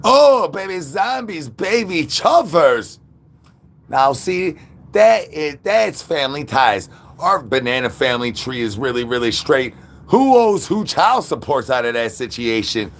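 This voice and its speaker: A man's voice: a little high, sing-song, a little slow, creaky, slight background noise. A man chatting with viewers on a livestream while standing outdoors, playful and full of goofy catchphrases and animal noises.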